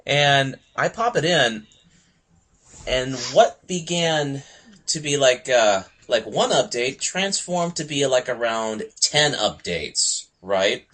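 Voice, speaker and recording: A man's voice: mid-range voice, animated, slow pace, fairly bright tone. A man co-hosting a casual gaming podcast, rambling with lots of fillers and laughing often. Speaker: podcast co-host. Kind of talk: casual chat.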